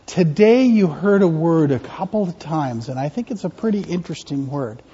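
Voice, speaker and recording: High husky-voiced pastor doing a playful kids sermon, echoey church, muffled audio. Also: male voice, lively intonation, moderate pace. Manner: playful, interactive, gently teaching. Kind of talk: children's sermon. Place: church sanctuary. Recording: echoey church hall, dull lo-fi.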